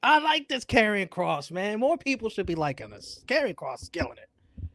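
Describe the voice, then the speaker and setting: A man co-hosting a casual review show, talking in a lively way and laughing easily. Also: high voice, moderate pace, no room sound. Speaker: podcast co-host. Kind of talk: casual wrestling review chat.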